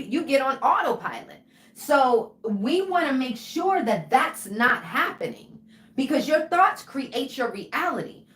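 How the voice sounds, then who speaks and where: A woman's voice: a little high, fairly bright tone, roomy sound. A woman mindset coach teaching her viewers in a live stream, casual and full of "okay" and "right". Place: room with a whiteboard.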